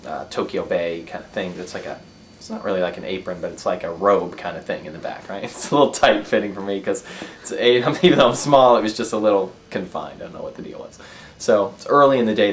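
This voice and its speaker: Fast-talking deep-voiced man rambling. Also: a little hiss or hum. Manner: rambling, profane, laughs at himself. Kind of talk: casual personal storytelling.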